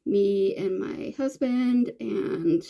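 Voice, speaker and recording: A woman's voice: mid-range voice, extremely slow, vocal fry, warm tone. A woman vlogger chatting casually and rambling while she does her makeup, with many fillers and restarts. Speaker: beauty vlogger.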